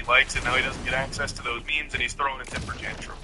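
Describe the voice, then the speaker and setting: A man's voice: medium pitch, a little fast, few pauses, noisy background. A sarcastic young man doing comedic commentary while reading texts aloud. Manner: sarcastic, mocking.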